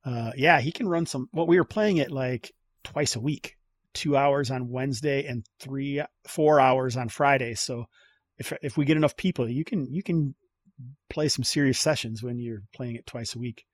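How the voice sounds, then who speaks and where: A man's voice: mid-range voice, normal speed, dry recording. A man hosting a casual podcast chat about tabletop games, rambling with many fillers and restarts. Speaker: podcast host.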